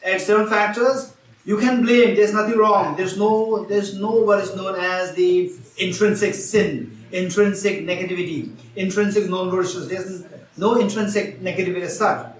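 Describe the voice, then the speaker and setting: A man's voice: sits high, moderate pace, slight background noise. A man giving an interactive Buddhist teaching, asking the audience questions and repeating key phrases. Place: retreat teaching hall. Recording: roomy hall sound from far off.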